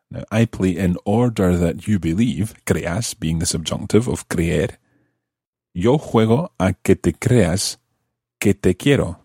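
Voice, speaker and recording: Man podcast teacher, deep and husky, patient and methodical with his examples. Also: dark tone, no echo, studio quality. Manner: slow, careful explanations, repeating example phrases. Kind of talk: explaining Spanish grammar.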